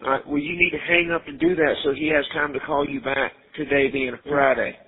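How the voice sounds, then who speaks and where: A man's voice: on the high side, flat delivery, fairly quick, slightly rough. A middle-aged man on a recorded jail phone call, coaching and insisting, repeating his points. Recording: tinny jail phone line.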